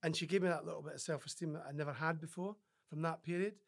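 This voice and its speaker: A man, a former sportsman, talks as a podcast guest, and his speaking voice sits a little high for a man. His tone is casual and animated, and he slips into other people's voices as he tells his stories. His sentences stop and restart around frequent fillers. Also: quick pace, creaky. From Scotland. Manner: animated storyteller who acts out other people's lines. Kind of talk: casual interview storytelling.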